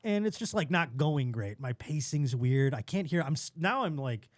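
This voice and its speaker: A man's voice: on the high side, animated, normal speed, no room sound, studio quality. A comedian from Buffalo, New York, telling a story as a podcast guest, acting out scenes in quoted voices and laughing as he goes.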